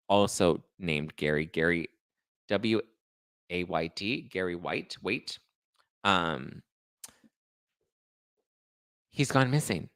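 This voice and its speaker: A man's voice: low-pitched, fairly bright tone, clean tone, no room sound. A man hosting a pop culture show, in casual gossip commentary that is chatty, full of fillers and sarcastic asides. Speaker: pop culture podcast host.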